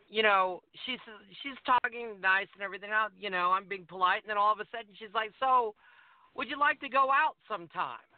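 A man with a high voice tells a lively story as a guest on a talk show, laughing often and acting out what people said. He comes through a tinny phone line. The sound is dry. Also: clear, resonant tone, no room sound. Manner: animated storyteller, acts out dialogue, laughs often. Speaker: wrestler guest. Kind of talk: casual phone interview storytelling.

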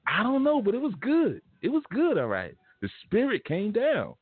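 Man doing a giddy churchgoer in a high falsetto, vague and gushing, over a tinny line. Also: huge pitch swings, normal speed, slightly rough, no echo, heavily acted. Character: gushing churchgoer recalling a service. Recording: tinny phone-like line with faint music.

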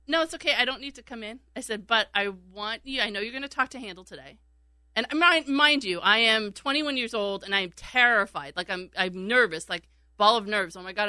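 A woman's voice: medium pitch, bright, forceful tone, clear, resonant tone, no room sound. A woman telling a casual story in a chat, laughing often and acting out what people said. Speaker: radio show regular, former call screener.

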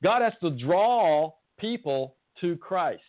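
A man's voice: high voice, lively intonation, takes it slowly. A man with a Southern US accent giving a conversational Bible sermon, folksy and often asking his listeners questions. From Southern United States. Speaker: Bible teacher. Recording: tinny phone-like audio.

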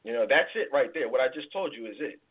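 Husky-voiced man giving relationship advice. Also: mid-range voice, expressive, quick pace. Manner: emphatic, repeats words, explains with analogies. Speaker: podcast host and life coach. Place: live podcast taping. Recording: tinny phone-like sound.

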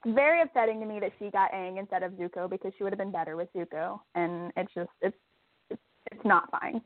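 A woman co-hosting a casual chat, animated and emphatic, laughing often and getting heated. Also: mid-range voice, quick pace, no room sound. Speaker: podcast co-host. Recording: tinny phone-like line, dry.

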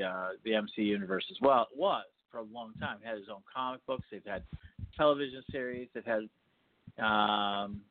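A man's voice: mid-range voice, no room sound. A man hosting a podcast interview, asking long rambling questions with many halts and restarts. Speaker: podcast host. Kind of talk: casual interview. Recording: tinny phone-like line.

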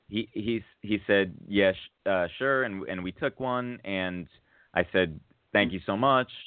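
A man on a podcast telling a long casual story, full of fillers and restarts, getting excited at the funny parts. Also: lowish voice, no room sound. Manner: rambling, filler-heavy, rises to excited laughter at funny moments. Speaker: podcast co-host. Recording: tinny phone-like audio.

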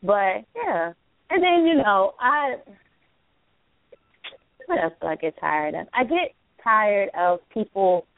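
A woman guest speaking over a tinny phone line, dry and close. She rants about what annoys her, with a self-mocking edge, at a middle pitch. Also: sing-song, slow pace, long pauses, dry recording. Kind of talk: casual chat.

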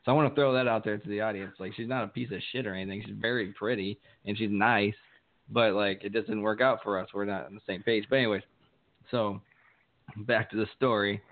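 A man's voice: lowish voice, fairly even intonation, a little fast. A young man co-hosting a podcast, telling a story in casual profane chat and laughing often as he talks. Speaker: podcast co-host. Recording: tinny phone-like sound.

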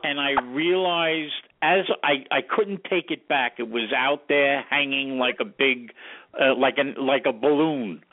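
An older man, a guest sound engineer, telling an animated anecdote and acting out the lines he quotes. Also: mid-range voice, a little slow, no echo. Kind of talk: storytelling anecdote. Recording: tinny phone line, dry.

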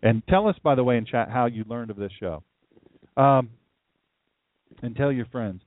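A pastor from downstate Delaware preaches a livestream sermon in a folksy, conversational style full of rambling asides. His voice is medium-pitched at normal speed, and the recording is dry and tinny, like a phone.

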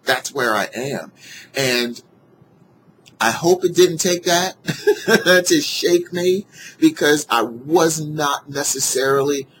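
A man casually telling a personal story to his viewers, earnest and heartfelt, animated when he retells what people said. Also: fairly high pitch, takes it slowly, slight background noise, poor audio. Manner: animated, acts out quoted dialogue in a raised voice; earnest and heartfelt about gratitude. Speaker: vlogger sharing a personal story.

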